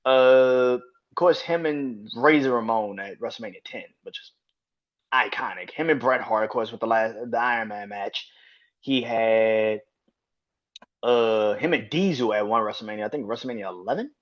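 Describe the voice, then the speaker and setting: A man talking on his own podcast in a casual, rambling monologue, swearing freely and breaking into laughter. His voice sits in a middle range and turns loud and high when he gets worked up. The recording sounds a little dull and lo-fi. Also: normal speed. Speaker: podcast host.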